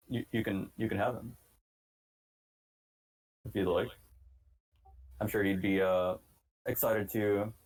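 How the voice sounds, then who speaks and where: A man playing his character in a tabletop game, talking hesitantly with many pauses and fillers. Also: on the low side, darkish tone, poor audio. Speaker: player.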